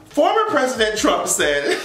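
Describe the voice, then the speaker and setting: A young man's very high voice echoes around the room as he hosts a podcast, reading headlines aloud and offering casual, profane commentary punctuated by frequent laughter.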